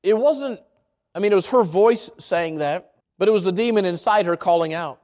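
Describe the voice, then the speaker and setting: High-voiced man preaching a sermon. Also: normal speed, a little mellow. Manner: earnest, repeats and restarts phrases. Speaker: pastor.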